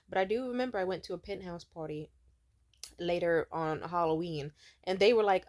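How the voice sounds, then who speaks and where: A woman's voice: medium pitch, quick pace, a little mellow. A young woman vlogger sitting at home, telling a rambling, profane story full of "like" fillers. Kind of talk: casual storytelling rant.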